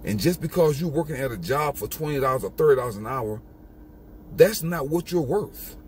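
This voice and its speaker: A man's voice: mid-range voice, animated, a little fast, darkish tone, slight background noise. A man giving an emphatic, repetitive motivational monologue in a casual street style. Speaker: motivational speaker.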